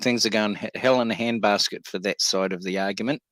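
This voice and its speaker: A man's voice: lowish voice, fairly quick, fairly bright tone, no echo, low-quality recording. Laid-back man, dry sound. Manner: laid-back and reassuring, lots of fillers. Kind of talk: casual talk-show chat.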